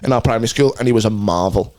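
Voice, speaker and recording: A man's voice: on the low side, rapid-fire, darkish tone. A young man with a Scouse accent, co-hosting a casual podcast chat, telling stories and swearing freely. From Liverpool, England. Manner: swears freely, storytelling, puts on voices. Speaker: podcast co-host.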